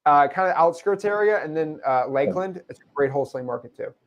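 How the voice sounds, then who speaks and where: A man's voice: on the high side, animated, quick pace, lo-fi sound. A man hosting a live question session, giving casual coaching advice and calling listeners "man" and "dude". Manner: laid-back, calls people "man" and "dude". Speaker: host answering live questions.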